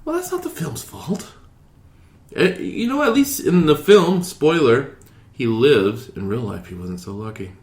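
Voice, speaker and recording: A snarky podcast host in his thirties, chatting and laughing with his co-host. His pitch swings widely through the jokes. The room adds a roomy echo. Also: sing-song, unhurried, a little mellow. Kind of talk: casual chat.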